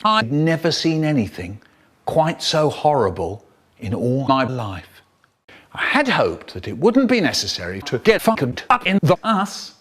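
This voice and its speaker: A man telling a children's story in a theatrical way, with sudden jumps in pitch and loudness and silly voices for the people in it. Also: big pitch swings, a little slow. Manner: does silly character voices. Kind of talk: animated storytelling, cut up and remixed.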